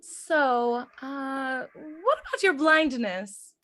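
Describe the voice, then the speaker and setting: A woman's voice: sits high, expressive, extremely slow, sharp tone, slight background noise, full character voice. A woman reading the part of Electra, a poised and elusive young woman, with a playful, teasing manner in an amateur script table read.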